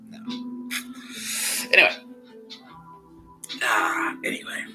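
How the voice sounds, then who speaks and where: A man's voice: medium pitch, sing-song, moderate pace, music in the background, poor audio. A man hosting a comedy podcast, rambling through a profane monologue and laughing often. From Australia. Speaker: podcast host.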